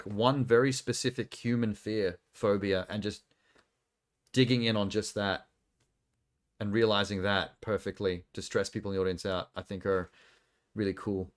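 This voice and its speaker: A man with a fairly low voice chats casually to his stream audience. He muses in a relaxed, rambling way, filling gaps with "like" and "um" as he works through his thoughts. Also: moderate pace, smooth. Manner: relaxed, rambling musing with many fillers. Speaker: live streamer. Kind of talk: casual reaction stream chat.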